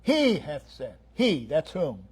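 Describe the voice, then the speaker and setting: A man preaching a sermon, emphatic and repetitive, swinging between loud declarations and hushed lines. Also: a little high, wildly swooping pitch, slow pace, slightly rough. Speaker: pastor.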